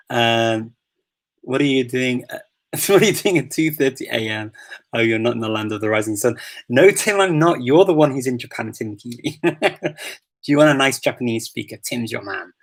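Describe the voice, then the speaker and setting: A man's voice: medium pitch, low-quality recording. A man from Liverpool with a Scouse accent, hosting a casual live Q&A. He chats, laughs often, and fills his answers with ums and restarts. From Liverpool, England. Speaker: host of a live Q&A.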